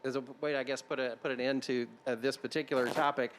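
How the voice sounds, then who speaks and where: A man's voice: medium pitch, level tone, fast talker, fairly bright tone, a little hiss or hum. A man, a council member, making a short point in a dry, wry way.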